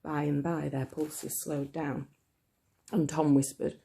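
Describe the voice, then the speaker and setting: A hoarse teacher, chatty and apologetic, coughing now and then, reading a classic novel aloud to pupils online. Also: mid-range voice, level tone, slow pace, mellow. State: hoarse, frog in the throat. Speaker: primary school teacher.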